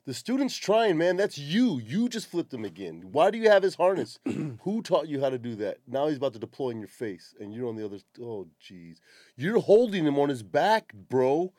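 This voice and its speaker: A man's voice: mid-range voice, very animated, moderate pace, dark tone, no room sound, clean studio sound. A man hosting a casual podcast, swearing freely and bluntly tearing apart skydiving videos. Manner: blunt, swears a lot, exasperated critique. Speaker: podcast host. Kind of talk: casual profane chat and video commentary.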